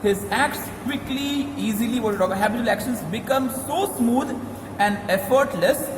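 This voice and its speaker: A man preaches a sermon, repeating his points with emphasis and slipping into Marathi phrases. His voice sits very high. The recording rings with long reverb, as in an echoey hall. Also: expressive, moderate pace, noisy background. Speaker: priest.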